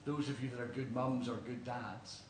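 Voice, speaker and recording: A man's voice: mid-range voice, steady tone, normal speed. An Irish man preaching a sermon in a church, earnest and questioning, telling stories to the congregation. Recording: roomy church, distant mic, faint hum.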